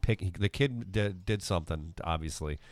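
A man's voice: on the low side, expressive, fairly quick, no room sound. A man co-hosting a comedy podcast, trading crude jokes in casual banter. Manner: crude joking banter, mock greetings. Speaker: podcast co-host. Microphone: studio headphones and mic.

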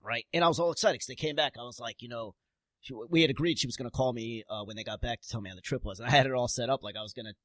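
A man chatting as a podcast guest, telling an animated story and laughing as he talks. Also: mid-range voice, rapid-fire, no room sound. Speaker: podcast guest, travel agent. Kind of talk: casual chat.

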